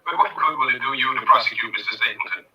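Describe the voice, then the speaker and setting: An actor playing a frank, friendly young heir to a country estate, in 1930s film acting. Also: male voice, medium pitch, fast, sharp tone, breathy edge, rough recording.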